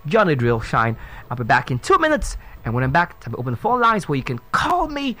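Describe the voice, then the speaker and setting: A man hosts a pronunciation lesson on the radio, his voice rising and falling in a lively way. He spells each word out letter by letter, then says it slowly and carefully and corrects the wrong versions. He talks straight to his listeners in a studio. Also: on the high side.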